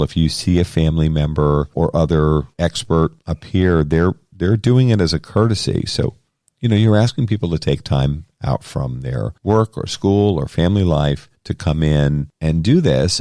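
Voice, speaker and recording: A man's voice: low-pitched, warm tone, dry recording, studio quality. A middle-aged man co-hosting a podcast, talking in a casual, earnest and rambling way with frequent restarts. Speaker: podcast co-host. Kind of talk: casual conversation.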